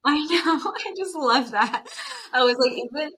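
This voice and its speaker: A woman with a bright, sharp tone talks on a podcast in an easy, chatty way. She gushes with enthusiasm. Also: high voice, animated, measured pace, slight background noise. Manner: enthusiastic, gushing. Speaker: podcast co-host. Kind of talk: casual chat.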